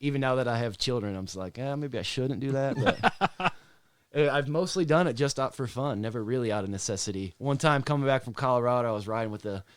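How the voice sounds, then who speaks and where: A man's voice: mid-range voice, lively intonation, quick pace, smooth, no room sound, clean studio sound. Laid-back, swearing singer-songwriter man. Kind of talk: casual storytelling.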